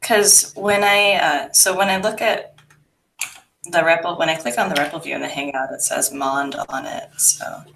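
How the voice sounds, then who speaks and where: A woman's voice: low-pitched, steady tone, unhurried, creaky, a bit bright, a little hiss or hum, low-quality recording. A woman in a casual technical chat on a video call, dry and joking.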